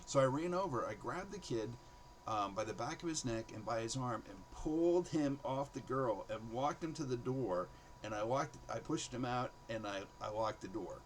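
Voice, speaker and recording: A man's voice: medium pitch, moderate pace, a little hiss or hum, rough recording. A man, a former teacher, telling stories from his classroom days in a casual monologue, acting out the students' lines. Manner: animated, acts out students' voices in quotes.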